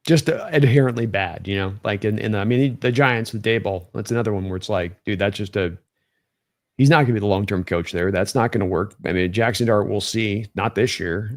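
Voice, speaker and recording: A man's voice: lowish voice, fairly quick, no echo, clean studio sound. A man co-hosting a casual sports talk stream, opinionated and rambling with restarts. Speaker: podcast co-host.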